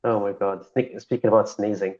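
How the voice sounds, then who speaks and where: A man's voice: lowish voice, flat delivery, fairly quick, a little mellow. A man co-hosting a podcast in casual chat, telling stories and laughing often as he talks. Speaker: podcast co-host. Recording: dull lo-fi recording.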